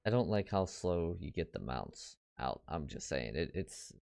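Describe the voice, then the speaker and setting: A man's voice: sing-song, unhurried, creaky, a little mellow, slight background noise. A man casually commenting on his gameplay as he plays, rambling and offhand. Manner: rambling and offhand, puts on silly high voices for characters. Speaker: game walkthrough host.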